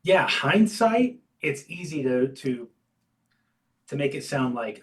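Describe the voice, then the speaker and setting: A man telling his career story as an interview guest, candid and animated, acting out bits of dialogue. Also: mid-range voice, slow, recorded from a distance, low-quality recording. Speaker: guest, insurance agency owner and coach.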